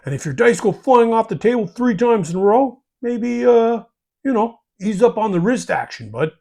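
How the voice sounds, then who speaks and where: Man, high voice, raspy and husky, joking tips, teasing asides. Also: animated, moderate pace, darkish tone. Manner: folksy and teasing, tags lines with slangy asides. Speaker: hobby channel host. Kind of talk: scripted comedic advice talk.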